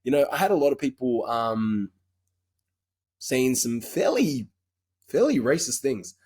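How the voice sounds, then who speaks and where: Husky-voiced Australian man, frank and rambling. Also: mid-range voice, expressive, a little slow, darkish tone. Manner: rambling, frank and blunt, swears casually. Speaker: guest actor. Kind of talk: casual podcast interview chat.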